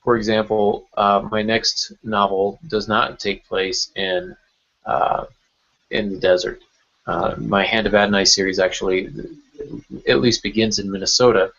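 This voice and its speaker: A man's voice: lowish voice, flat delivery, measured pace, fairly bright tone. A man who writes novels, co-hosting a casual podcast chat, hesitant with many fillers and restarts, over muffled call audio.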